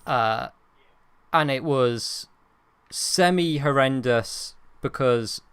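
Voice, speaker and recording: A man's voice: mid-range voice, very slow, a bit bright, clean tone, no room sound. A young man, co-hosting a casual podcast chat, chatty and self-mocking. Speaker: podcast co-host.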